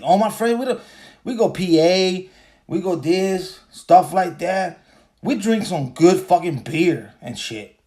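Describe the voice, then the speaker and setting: A man's voice: high voice, darkish tone. A man hosting a livestream podcast in a casual, profane rant, repeating himself and laughing as he talks. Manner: profane, repetitive, laughs while talking. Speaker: podcast host.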